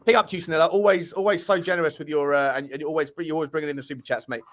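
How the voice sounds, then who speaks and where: A man's voice: on the high side, fairly even intonation, racing. A man hosting a casual fan podcast, cheerfully reading out and thanking super chat donors. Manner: upbeat, shouting out donors, chatty with restarts. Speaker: host reading super chats.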